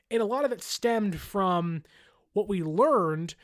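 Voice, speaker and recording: A man's voice: sits high, measured pace, fairly bright tone. A man hosting a sports podcast, talking casually and laughing often, sometimes mimicking fans in exaggerated voices. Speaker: podcast host.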